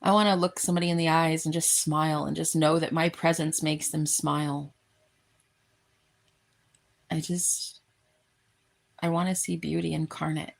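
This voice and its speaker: A woman talking in a heartfelt, rambling vlog, full of halting restarts. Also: sits low, little pitch movement, gravelly. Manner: earnest and effusive. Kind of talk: emotional personal vlog.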